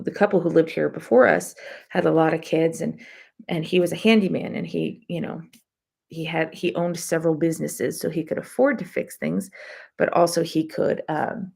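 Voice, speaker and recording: A rambling woman hosts a relaxed live-stream chat, answering her viewers' comments between stories. Her voice sits low and carries a gravelly fry.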